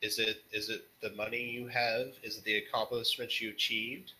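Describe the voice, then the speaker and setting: A man being interviewed as a guest artist on a casual podcast, answering in a rambling, jokey, halting way. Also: fairly low pitch, little pitch movement, sharp tone, low-quality recording.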